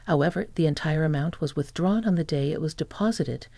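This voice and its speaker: A woman narrating a first-person story in an even, measured scripted read. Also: deep voice, vocal fry, no echo.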